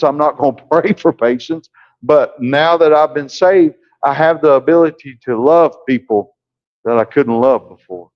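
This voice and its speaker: A male pastor preaching a sermon in a church, folksy and down-home, with plain asides to the congregation. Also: fairly high pitch. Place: church sanctuary. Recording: muffled lo-fi church recording.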